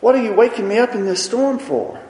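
A man voicing a stern, impatient male teacher who scolds loudly and with exasperation. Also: extremely high pitch, lively intonation, a little fast, voice pushed up. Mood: exasperated. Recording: echoey hall.

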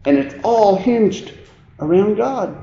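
A man preaching a sermon, moving between quiet reflective passages and raised, emphatic preaching. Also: high voice, lively intonation, takes it slowly, creaky, slight background noise. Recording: dull, roomy sound with faint ambience.

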